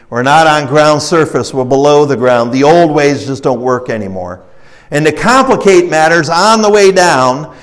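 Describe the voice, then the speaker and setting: A man preaching a recovery sermon in a conversational, folksy storytelling style, rising in emphasis and acting out the characters in his stories. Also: fairly high pitch. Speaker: pastor leading a recovery ministry.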